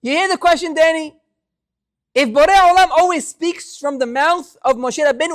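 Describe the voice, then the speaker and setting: A man's voice: very high-pitched, expressive, moderate pace. A man, a rabbi, giving a passionate Torah class in English with Hebrew phrases, pleading and exhorting. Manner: impassioned, pleading, rising to exhortation.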